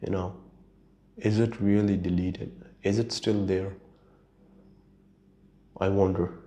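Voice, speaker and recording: A man's voice: low voice, fairly even intonation, slow pace, dark tone. A man hosting his own podcast, talking alone in a rambling, profane, casual way and laughing at his own stories. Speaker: podcast host. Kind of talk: casual solo monologue.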